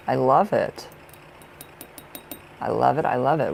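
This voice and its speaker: A man reading tarot on a live stream, chatting in a relaxed, effusive way and greeting viewers as they arrive. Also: medium pitch, slow pace, creaky, long pauses, a little hiss or hum, rough recording. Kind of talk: casual live-stream chat.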